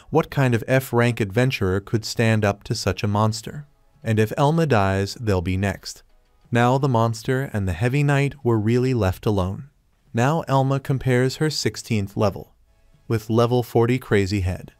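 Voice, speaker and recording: A man reading a scripted story recap in a steady, even storytelling manner. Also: medium pitch, smooth, no echo, clean studio sound. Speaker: recap narrator.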